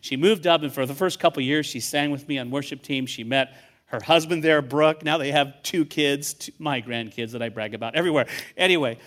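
A man's voice: a little high, a little fast, a bit bright. An older man, a guest pastor, preaching to a church congregation in a conversational, storytelling way, often repeating words as he starts a thought. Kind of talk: sermon.

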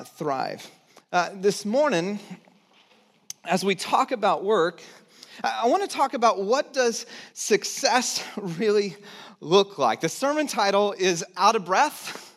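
A male pastor giving a sermon in a church, conversational and pausing often, letting phrases fall low and soft. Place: church sanctuary.

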